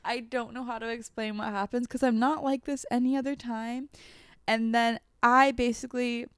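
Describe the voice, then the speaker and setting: A woman's voice: fairly high pitch, steady tone, normal speed, clear, resonant tone, dry recording. A young adult woman hosting a podcast, telling stories candidly and self-deprecatingly, often laughing at herself. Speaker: podcast host. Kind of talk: casual chat.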